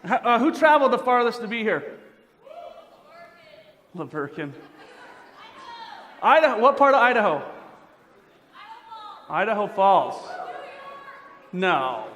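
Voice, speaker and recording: A man emceeing a pageant, joking playfully and quizzing the audience as he warms up the crowd. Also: high voice, big pitch swings, slow, pauses often, lo-fi sound. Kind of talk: crowd warm-up banter. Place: large indoor auditorium. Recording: reverberant hall with crowd noise.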